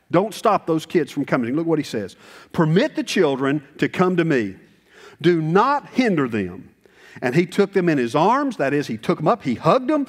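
A man in his sixties preaching a sermon as pastor, conversational and animated, with sudden high bursts of emphasis. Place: church sanctuary. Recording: long church reverb.

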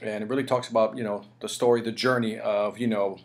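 A man in his forties being interviewed, telling a career story in a lively, energetic way, often tagging "right?" and "you know". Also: fairly low pitch, fairly quick. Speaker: interview guest, sales speaker.

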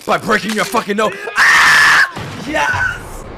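Excitable swearing man reacting loudly. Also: sits high, slow pace, creaky, a loud crowd. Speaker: anime reaction streamer. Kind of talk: live reaction commentary. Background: anime soundtrack and music playing.

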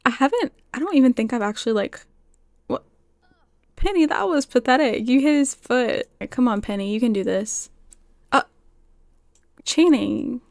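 Excitable woman streamer, gravelly and bright. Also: on the high side, normal speed, pauses often, dry recording, studio quality. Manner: chatty, excitable, gasps and laughs often. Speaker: game streamer. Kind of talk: casual gameplay commentary.

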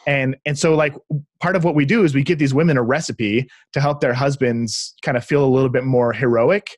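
A young adult man speaks as a podcast guest, telling stories with real enthusiasm and acting out the voices of the people in them. His voice sits at a middle pitch. The sound is dry, with no room echo. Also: steady tone, fairly quick. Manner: enthusiastic, acts out quoted speech. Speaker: guest, relationship researcher. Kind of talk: conversational storytelling.

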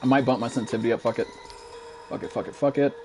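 A man in his twenties, a streamer giving profane, excitable commentary while playing a shooter, jumping into high-pitched outbursts. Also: racing, background noise. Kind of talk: live gameplay commentary.

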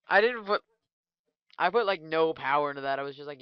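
A man trash-talks his way through a game in loose, crude commentary, breaking into sudden excited yelps. His voice is smooth and clear but sits very close and dry, with a slightly dull, lo-fi sound to the recording. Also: fairly high pitch, normal speed, pauses often, no room sound. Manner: crude, joking trash talk with excitable outbursts. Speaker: gaming channel host. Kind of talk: casual gameplay commentary.

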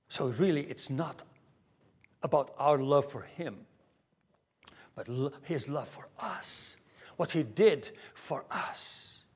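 A man preaching from a church pulpit, his voice set a little high and his delivery slow and deliberate. He presses key words with force, then drops to a hushed near-whisper. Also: husky. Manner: earnest, swings from raised emphasis to hushed near-whispers. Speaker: pastor. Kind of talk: sermon.

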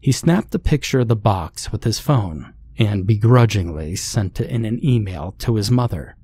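A man narrating a scary story in a calm, measured scripted reading. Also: fairly low pitch, slightly rough, dry recording.

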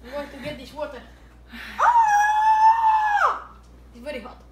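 A woman's voice: sits high, steady tone, racing. A woman talking in a jokey put-on Russian accent with playful broken English, reviewing gear while cooking in her kitchen. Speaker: vlogger. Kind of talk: casual cooking review vlog. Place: home kitchen. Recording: echoey kitchen, far from mic, noisy.

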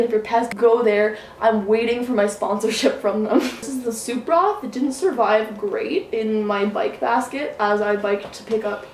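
A woman's voice: a little high, a little mellow, slight background noise. A young woman from Canada chatting casually and jokingly to the camera while she eats, swearing now and then. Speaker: vlogger. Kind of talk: casual mukbang chat while eating. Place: room at home. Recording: echoey room, mic at a distance.

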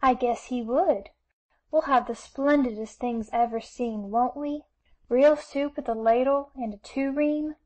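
A woman's voice: high voice, unhurried, dark tone, rough recording. A woman reading as a prim little girl playing mother. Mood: eager. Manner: earnest, polite, bossy.

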